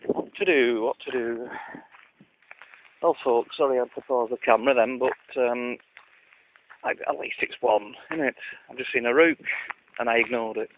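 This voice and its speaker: A medium-pitched man's voice moves at a moderate pace with long pauses as this Lancashire vlogger records an outdoor video diary at a country park. His rambling is dry and self-mocking, and the audio sounds tinny and lo-fi with faint hiss.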